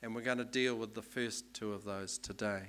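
A man's voice: lowish voice, steady tone, normal speed, a bit bright, clean tone. Conversational male preacher. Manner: conversational, explanatory, with fillers. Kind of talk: sermon.

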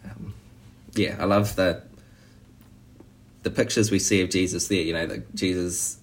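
Casting: man, low-pitched voice, preacher, conversational sermon with easy restarts. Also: steady tone, a little slow. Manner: conversational, frequent "you know" and restarts.

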